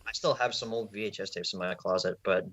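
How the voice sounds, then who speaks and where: A man's voice: sits low, steady tone, fast, fairly bright tone, dull audio. A man co-hosting a casual podcast chat, laid-back and prone to stumbling restarts. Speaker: podcast co-host.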